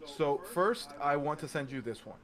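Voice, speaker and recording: A man's voice: fairly high pitch, animated, moderate pace, crowd noise. Stammering, brash male co-host. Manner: stammering restarts, brash trash talk. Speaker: stream co-host. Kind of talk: casual live-stream chat.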